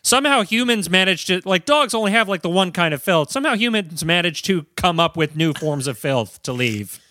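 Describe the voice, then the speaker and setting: Sardonic young man, bright tone. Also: sits high, expressive, fairly quick. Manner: sardonic riffing. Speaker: podcast co-host. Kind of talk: casual comedic chat.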